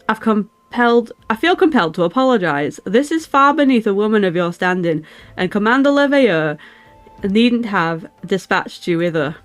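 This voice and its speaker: A woman reading the lines of a formal male knight in a put-on northern English accent, in old-fashioned game dialogue. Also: medium pitch.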